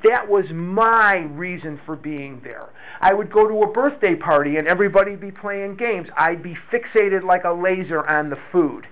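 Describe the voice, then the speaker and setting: A man sharing a candid personal story of recovery, slow and reflective, often repeating his words. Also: sits high. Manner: candid and confessional. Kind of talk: personal testimony to a group. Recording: tinny phone-like recording.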